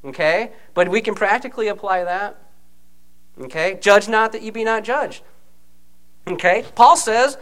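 A man preaching a conversational sermon, animated, often checking in with his listeners by asking "okay?". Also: sits high, measured pace, pauses often. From United States.

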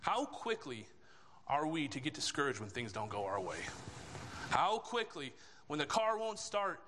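A man's voice: a little high, very animated, unhurried, sharp tone, a little hiss or hum. A man preaching a sermon in a church, talking it through in a conversational way with rhetorical questions. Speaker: lay preacher. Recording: long reverb of a church hall.

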